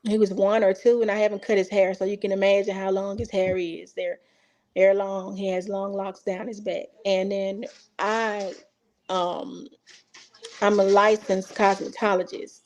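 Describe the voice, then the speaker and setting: A woman's voice: mid-range voice, flat delivery, measured pace, a little mellow, slight background noise. A woman, a mother from Texas, telling a personal story in casual speech and acting out the quoted dialogue with feeling. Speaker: interview guest. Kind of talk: casual recounting.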